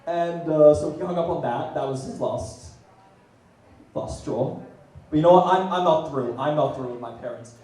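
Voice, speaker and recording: A man's voice: a little high, moderate pace, distant mic. Young male comic in an echoey room. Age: young adult. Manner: deadpan asides, loud punchlines. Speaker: student stand-up comic. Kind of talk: stand-up comedy set. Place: small comedy venue, audience laughing. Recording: very echoey room, heard from afar.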